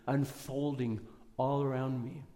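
A man pastor giving an Easter sermon in a church, earnest and prayerful, pushing up for emphasis and then going soft. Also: mid-range voice, little pitch movement, unhurried, big-room sound.

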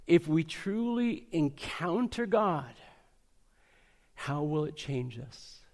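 A man preaching a sermon, earnest, slowing down and speeding up for emphasis. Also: on the high side. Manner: earnest, varies pace and loudness for emphasis. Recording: long hall reverb.

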